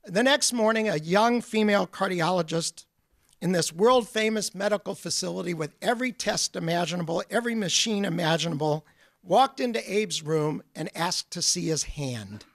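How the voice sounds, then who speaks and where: A man's voice: high voice, dry recording, studio quality. A man giving a lecture as a guest speaker, telling stories with humor. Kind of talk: storytelling lecture.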